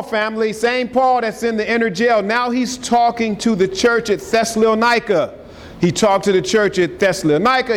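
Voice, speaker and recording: A man preaching a sermon, emphatic and calling out to his congregation. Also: sits high. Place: church sanctuary. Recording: long reverb of a large hall, faint noise.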